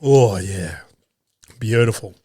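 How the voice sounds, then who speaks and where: Swearing Australian podcast host, dry mic. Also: male voice, lowish voice, slow pace, slightly rough, no room sound. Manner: profane, laughing, animated anecdote telling. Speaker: father of two young boys. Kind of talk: casual storytelling.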